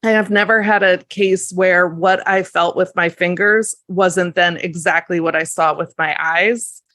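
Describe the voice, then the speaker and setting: A lactation consultant woman talks shop on a podcast, her voice sitting on the low side. She is chatty and self-deprecating, full of fillers. The sound is dry and close. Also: steady tone, a little slow, fairly bright tone, dry recording. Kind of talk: casual podcast chat.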